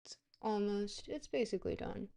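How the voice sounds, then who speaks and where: A woman's voice: mid-range voice, normal speed, gravelly, mellow. A woman hosting a casual livestream, rambling and joking as she talks directly to her chat viewers. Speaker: livestream host.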